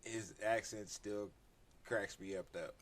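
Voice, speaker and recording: A man co-hosting a casual sports talk stream, laid-back and quick to mimic people. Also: lowish voice, steady tone, fairly bright tone. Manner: laid-back, slips into goofy impressions. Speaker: podcast co-host.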